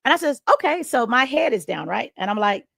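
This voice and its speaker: A middle-aged woman, a radio host, telling a story in an interview and acting out the dialogue with big jumps in pitch. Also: big pitch swings, brisk, gravelly, fairly bright tone, no echo, clean studio sound. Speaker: radio host and podcast guest.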